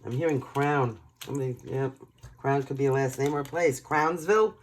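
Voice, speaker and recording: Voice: medium pitch, level tone, fairly quick, a little mellow, slight background noise. A tarot reader from New York talks through a casual reading in a loose, chatty way. The delivery is emotional and speaks right to the viewers.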